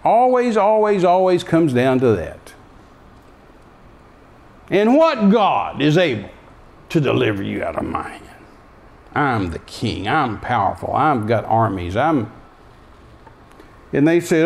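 A man's voice: medium pitch, very animated, slow pace, vocal fry, pauses often, a little mellow. A man preaching a sermon, emphatic and repetitive, acting out the voices in the story. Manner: emphatic, repeating key phrases; acts out the story's speakers.

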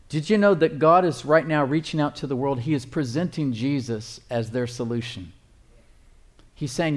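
A male pastor with a mid-range voice preaches emphatically, repeating phrases and reading scripture at a slow pace.

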